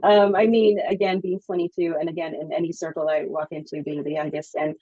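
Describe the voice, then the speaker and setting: A woman in her thirties telling personal stories as an interview guest, lively and quick to laugh. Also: low-pitched, no echo, muffled recording. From Filipino heritage. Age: 30s. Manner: animated storytelling, laughs often. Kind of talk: casual interview chat.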